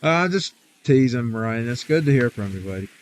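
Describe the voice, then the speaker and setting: A man's voice: medium pitch, animated, normal speed, slight background noise. A man livestreaming games and chatting casually, teasing and talking back with mock defiance. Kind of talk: casual chat while gaming.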